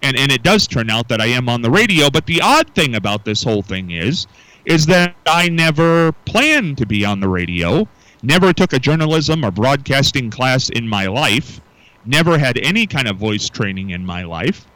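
A man's voice: medium pitch, very animated, normal speed, bright, forceful tone, no echo, poor audio. A middle-aged man hosting a casual morning radio talk show, musing aloud and often repeating words as he restarts.

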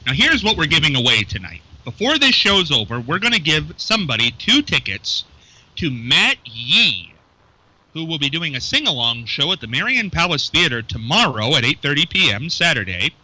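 A man's voice: a little high, very animated, pushed and bright, no room sound, rough recording. A man hosting a casual local radio show from a small studio, joking loosely with his co-host and callers. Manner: loose, chatty, joking, reads phone numbers slowly.

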